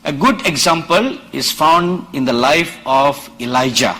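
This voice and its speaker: A man preaching at a conference, acting out Bible dialogue and building to loud, emphatic peaks. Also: a little high, lively intonation, a little slow, low-quality recording. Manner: dramatic, acts out Bible dialogue, rises to shouts. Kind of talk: sermon. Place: conference stage.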